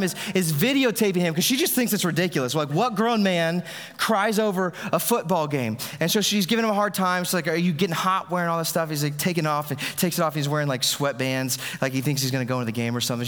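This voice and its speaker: Man, pastor preaching, fairly high voice, chatty with restarts, long hall reverb. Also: brisk, fairly bright tone. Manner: conversational preaching with frequent restarts. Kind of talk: sermon.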